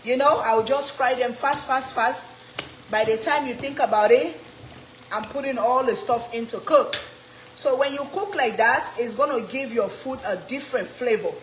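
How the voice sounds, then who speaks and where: A woman's voice: a little high, normal speed, slight background noise. A middle-aged woman from Africa, hosting a cooking channel and chatting with viewers by name as she cooks. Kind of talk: casual live cooking chat. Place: home kitchen. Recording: echoey kitchen with sizzling oil.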